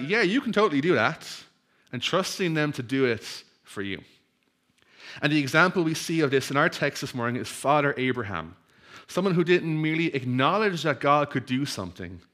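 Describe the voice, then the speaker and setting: A man preaching a morning sermon, mixing an easygoing story with scripture. His voice sits at an ordinary pitch. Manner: storytelling, acts out crowd voices, laughs easily; hushed, slow prayer. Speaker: pastor.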